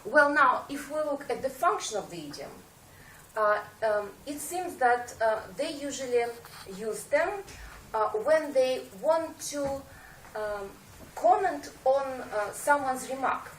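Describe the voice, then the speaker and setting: A woman's voice: high voice, lively intonation, slow pace, a bit bright, slight background noise. A woman, an English speaker, giving a prepared talk to a speaking club, hesitant with many fillers and a wry, self-mocking humor. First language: Russian. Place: meeting room. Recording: echoey room, mic far off, faint ambience.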